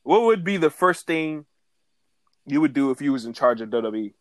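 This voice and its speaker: A man co-hosting a casual wrestling podcast, talking in animated slang and laughing often. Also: fairly high pitch, a little fast, no room sound. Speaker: podcast co-host.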